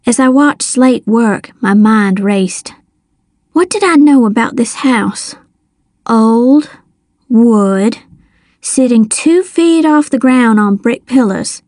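A woman narrating a first-person adventure story with measured suspense. Her voice sits fairly high and moves slowly. The close studio sound is dry, with no room in it. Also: lively intonation, a little mellow, no echo. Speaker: audiobook narrator.

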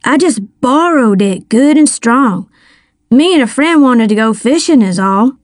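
A woman's voice: fairly high pitch, animated, unhurried, no room sound, studio quality. A woman voicing a timid young boy who stammers and pleads. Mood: nervous.

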